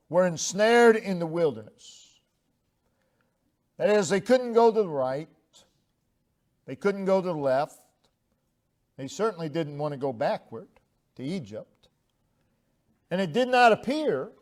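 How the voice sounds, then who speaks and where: Man, preacher, sermon, high-pitched voice, slow delivery, builds then falls quiet. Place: church sanctuary.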